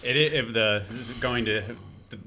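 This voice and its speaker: A man's voice: medium pitch, measured pace, sharp tone. Chatty joking man. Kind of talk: casual chat.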